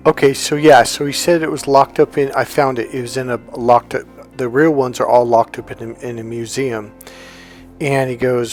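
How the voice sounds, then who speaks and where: Male self-help coach, casual to-camera monologue, rambling anecdotes with acted-out quotes, mid pitch, faint music underneath. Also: fairly even intonation, fairly quick. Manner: rambling storyteller, restarts and acts out quotes.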